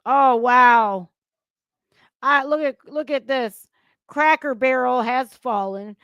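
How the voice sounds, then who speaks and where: A woman talking straight into a close microphone in a dry, dead room, her voice sitting fairly high. She rants bluntly, swears freely and flares into sudden loud outbursts as she reacts to the news. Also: takes it slowly, clean tone, no echo, lo-fi sound. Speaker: political commentary host. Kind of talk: casual reaction commentary.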